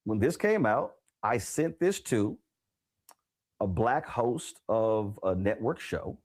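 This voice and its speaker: A man hosting a talk show and interviewing an author, telling stories with lively repetition for emphasis. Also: lowish voice, slow. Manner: animated storyteller, repeats phrases for emphasis.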